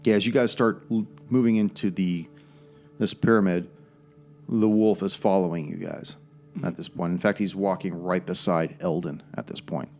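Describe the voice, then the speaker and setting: A man acting as game master, slowly narrating a tabletop game and joking with his players. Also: low-pitched, steady tone, a little mellow, faint music behind. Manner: slow, deliberate descriptions with swearing banter.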